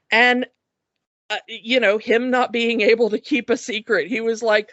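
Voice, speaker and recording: A woman's voice: on the high side, unhurried, fairly bright tone, dry recording, muffled recording. A woman co-hosting a podcast, chatty and giggly as she tells stories about films. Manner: giggly, chatty anecdote-telling. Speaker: podcast co-host. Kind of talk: casual podcast storytelling.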